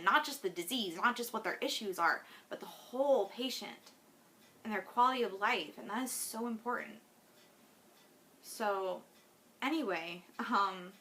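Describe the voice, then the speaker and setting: A woman speaking straight to her viewers in a personal video diary, her voice bright and forward. She talks in an earnest, heartfelt way, rambling a little and filling the gaps with "like" and "um". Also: medium pitch. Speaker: vlogger.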